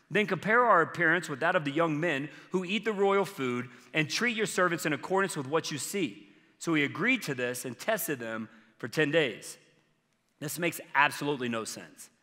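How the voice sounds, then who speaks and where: A man's voice: fairly high pitch, animated, moderate pace, sharp tone. A man preaching a sermon as a pastor, earnest and conversational, with casual fillers. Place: church sanctuary. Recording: long reverb from a large church hall.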